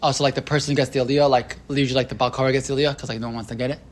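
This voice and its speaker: A man's voice: medium pitch, fairly even intonation, racing, a little hiss or hum. A man teaching an informal class on a religious text, talking in a loose, conversational way with many fillers and restarts, and often asking his students questions.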